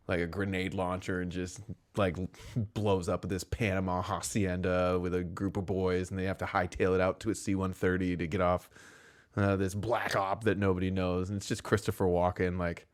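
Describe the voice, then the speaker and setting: Joking low-voiced male podcast host. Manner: loose and joking, laughs often, drops into voices. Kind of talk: casual comedic chat.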